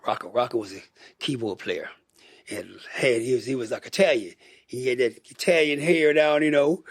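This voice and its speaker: Husky-voiced older American man. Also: medium pitch, normal speed, no echo, studio quality. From Michigan, USA. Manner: rambling, animated storyteller who acts out quotes. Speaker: guest musician. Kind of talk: casual storytelling interview.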